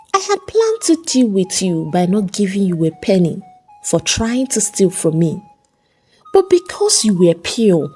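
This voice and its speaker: A woman's voice: mid-range voice, mellow, slightly rough. A woman voicing a ruthless, wealthy middle-aged male chief who speaks in a cold, domineering way, in a storybook reading.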